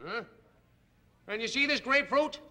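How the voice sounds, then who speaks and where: A man's voice: very high voice, expressive, moderate pace, sharp tone, faint music behind, voice pushed up, heavily acted. A man impersonating a cocky middle-aged gangster with a clipped, snarling delivery.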